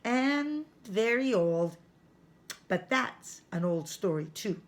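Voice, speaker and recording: A woman's voice: mid-range voice, lively intonation, slow pace. A woman reading aloud, voicing a kind elderly man who sells flowers, friendly and chuckling. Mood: warm, amused. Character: elderly male flower seller, kind, foreign-sounding.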